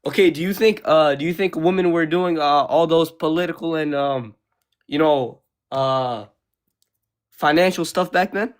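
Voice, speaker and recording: A young man calling in to a live debate, talking casually and filling pauses with "uh" and "um". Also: fairly high pitch. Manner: casual, says bro, pauses with uh and um. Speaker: caller debating the host. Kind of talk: heated debate.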